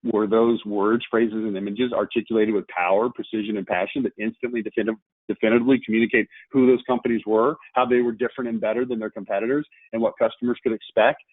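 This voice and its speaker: A man's voice: on the low side, level tone, quick pace, no echo. A man giving a marketing webinar lecture, emphatic, with rhetorical questions and repeated key words. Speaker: marketing presenter. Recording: tinny phone-like line, dry.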